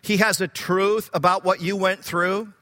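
A man's voice: high-pitched, level tone, a little slow, bright, forceful tone, long reverb tail. A man preaching a sermon, earnest and repeating key words for emphasis, growing fervent when he quotes scripture.

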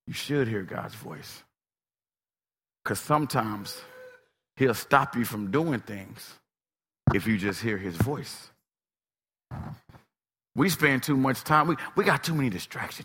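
A man preaching a sermon with dramatic storytelling, swinging from shouts to whispers. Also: mid-range voice, animated, slow, long pauses, slightly rough, big-room sound.

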